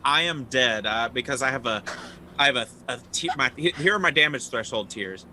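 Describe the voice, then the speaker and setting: Male player, very bright and sharp, halting casual talk, faint hiss. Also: mid-range voice, expressive. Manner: laughing, halting, self-correcting. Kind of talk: casual tabletop play.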